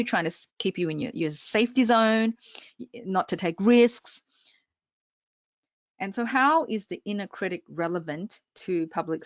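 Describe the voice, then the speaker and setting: A woman's voice: fairly low pitch, no room sound, dull audio. A woman public speaking coach presenting an online workshop, talking straight to her audience with frequent check-ins.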